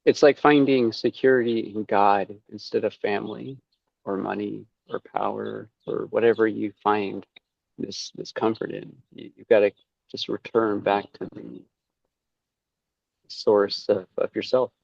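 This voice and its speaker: A man's voice: on the low side, flat delivery, measured pace, gravelly, a little mellow, no echo, dull audio. A man talking casually as a podcast guest, rambling, with many fillers and quoted asides. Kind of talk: casual conversation.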